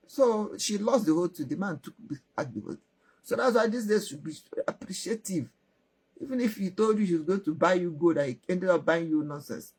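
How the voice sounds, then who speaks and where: A woman with a Nigerian accent telling stories and giving relationship advice, animated and asking the listener questions. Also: lowish voice, husky. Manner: animated, repeats words, asks the listener questions. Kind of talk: storytelling advice talk.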